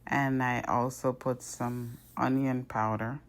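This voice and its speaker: Woman, very deep voice, unhurried, casual cooking voice-over, step-by-step chatter. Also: level tone. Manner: chatty, step-by-step, starts lines with "so now". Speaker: home cook and channel host. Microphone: voice-over recorded apart from the video.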